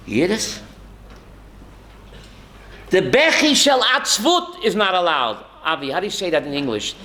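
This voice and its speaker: A man's voice: sits high, sing-song, moderate pace, pauses often, pushed and bright, poor audio. A man, a rabbi, teaching a Torah class to students, calling on them by name and quoting Hebrew sources.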